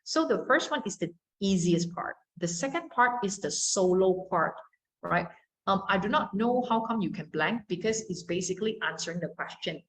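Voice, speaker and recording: A woman's voice: medium pitch, lively intonation, moderate pace, low-quality recording. Malaysian woman teaching exam English. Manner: switches into Mandarin to explain, models pronunciation. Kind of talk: exam-prep lesson.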